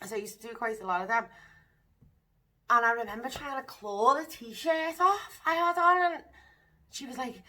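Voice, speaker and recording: A woman candidly recounting a personal experience to camera, vivid and emotional, sometimes dropping into breathy whispers. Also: on the high side, moderate pace, long pauses, bright, forceful tone. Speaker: vlogger sharing personal experience.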